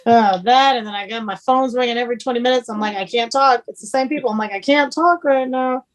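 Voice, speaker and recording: A woman's voice: on the high side, fast. Laid-back chef woman, candid talk. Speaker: chef guest. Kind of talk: casual podcast interview.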